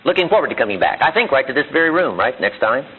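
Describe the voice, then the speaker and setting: Speaking fast in a slightly rough, mid-range voice with big swings in pitch, a middle-aged man gives a motivational talk in a seminar room full of people. Rhetorical questions and performed quotations run throughout, captured on tinny, phone-like archival audio.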